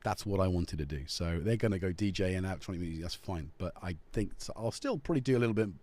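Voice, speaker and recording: Rambling man on a lively live stream. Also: sits low, fast. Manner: rambling, joking, easily goes off topic. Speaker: livestream host. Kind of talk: casual live-stream chat. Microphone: studio dynamic mic.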